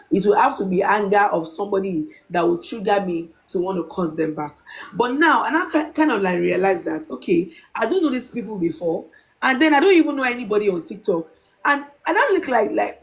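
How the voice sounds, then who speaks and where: A woman talking casually on a live stream, insistent and animated, repeating herself as she makes her point. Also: mid-range voice, brisk.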